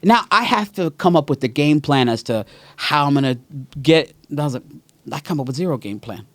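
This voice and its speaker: A man who is a stand-up comedian and podcast host, telling an animated, profane story in casual chat. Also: on the high side, fairly quick, no echo.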